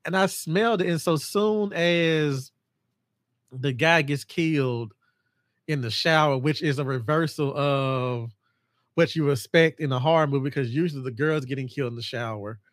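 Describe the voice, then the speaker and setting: Podcast host guy, lively, fairly high voice, dead dry sound, keeps doing voices. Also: normal speed, dry recording. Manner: animated, acts out scenes in a high mocking voice. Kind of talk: casual chat.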